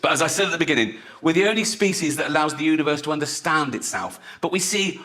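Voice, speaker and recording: A man's voice: on the high side, expressive, quick pace. An English man in his sixties doing a stand-up set on stage, brash and mocking, often laughing at his own lines. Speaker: stand-up comedian. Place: large theatre with a live audience. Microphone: stage microphone. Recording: live stand-up with loud audience laughter. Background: audience laughter.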